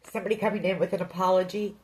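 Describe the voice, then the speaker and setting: A woman's voice: medium pitch, fairly even intonation, racing, a little mellow, a little hiss or hum, rough recording. A woman giving a tarot reading, speaking earnestly and directly to the listener. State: emotional. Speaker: tarot reader.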